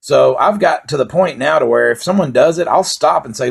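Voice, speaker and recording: A man's voice: mid-range voice, animated, fairly quick, creaky, few pauses, breathy edge. A man delivering a rambling, profane comedic monologue in a laid-back storytelling way. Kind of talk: stand-up style comedic monologue.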